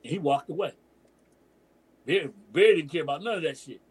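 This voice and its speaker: A middle-aged DJ and emcee from Detroit holds the floor as a podcast guest, spinning a long tale in loose street slang. His voice sits a bit high for a man and has a husky, slightly rough grain. He jumps into the voices of the people he quotes as he goes. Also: brisk, low-quality recording. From Detroit, USA. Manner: animated storyteller, profane slang, acts out quoted dialogue. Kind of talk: casual storytelling interview.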